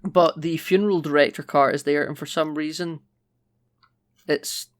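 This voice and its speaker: A man's voice: on the high side, fairly even intonation, normal speed. Chatty man recapping a film. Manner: chatty, retells scenes with laughs. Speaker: podcast co-host. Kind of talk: casual film review chat.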